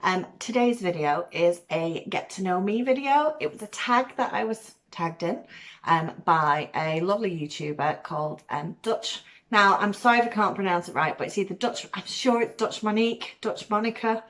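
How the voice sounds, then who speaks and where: A woman from Manchester with a softened Mancunian accent, chatting casually to camera as a vlogger, rambling with ums and laughs. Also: on the low side, animated, normal speed. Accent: weakened Mancunian, softened by years in Cornwall. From Manchester, England.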